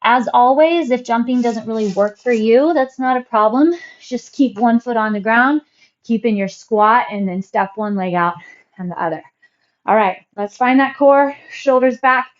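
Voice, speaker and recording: A woman fitness instructor calmly cueing moves and counting reps through a workout class. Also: fairly high pitch, dull audio. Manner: calm, encouraging cues and counting reps.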